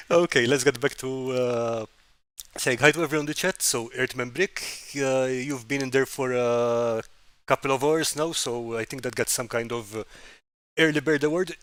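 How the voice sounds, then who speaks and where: A man's voice: medium pitch, a little slow, fairly bright tone, clear, resonant tone, no room sound. Easygoing male stream host, dry sound. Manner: easygoing, laughs often. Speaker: livestream host. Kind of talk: casual livestream chat.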